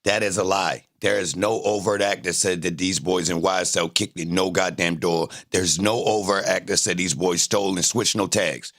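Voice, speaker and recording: A man's voice: low voice, fairly even intonation, normal speed, few pauses, a bit bright. A man livestreaming, arguing with his chat in a confrontational, taunting way and repeating his jabs. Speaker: livestreamer reacting to trial footage. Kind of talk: casual live-stream commentary, arguing with chat.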